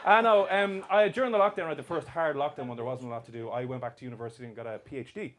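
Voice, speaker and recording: This comic talks very fast, his medium-pitched voice fairly even and a bit bright. Working a club crowd live, he mocks and swears at them brashly as laughter and audience noise fill the recording.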